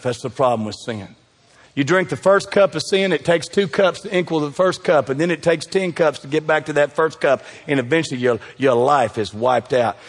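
Husky-voiced Southern preacher man. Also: fairly high pitch, long reverb tail. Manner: preaching with call-and-response questions to the congregation. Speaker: pastor. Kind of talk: sermon.

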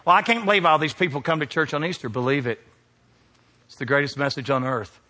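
A middle-aged man preaching a sermon, swinging from hushed to loud. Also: fairly high pitch, big-room sound. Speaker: pastor.

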